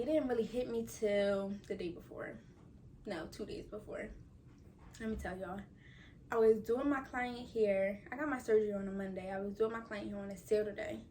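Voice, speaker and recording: Recorded from a distance with a little hiss or hum, this rough clip features a medium-pitched, darkish female voice. She's a twenty-something vlogger talking casually to her viewers post-surgery, when she can't bend down, narrating a story and voicing her own thoughts aloud.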